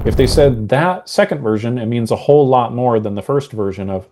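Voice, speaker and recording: A man's voice: mid-range voice, fairly quick, few pauses, warm tone. A man working as a mental health coach, earnestly explaining ideas with examples and acting out different ways of saying things. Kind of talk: explanatory coaching talk to camera.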